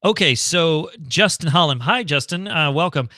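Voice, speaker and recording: A man's voice: on the high side, expressive, moderate pace, sharp tone, no room sound, clean studio sound. An American man from home hosting a casual live Q&A stream, chatty and thinking aloud with frequent ums and laughs. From United States. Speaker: livestream host.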